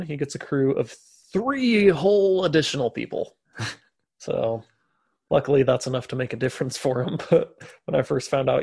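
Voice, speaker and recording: A man's voice: mid-range voice, creaky, a little mellow, breathy edge, no echo. A man co-hosting a podcast, retelling a story in casual chat with jokey, sarcastic asides. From USA. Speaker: podcast co-host.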